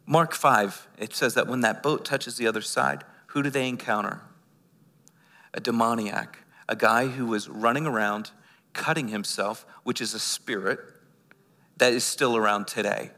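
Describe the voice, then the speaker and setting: A male pastor preaching a sermon with passion, swinging between loud and hushed, often stumbling and repeating his words. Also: mid-range voice, fairly even intonation, moderate pace, long reverb tail.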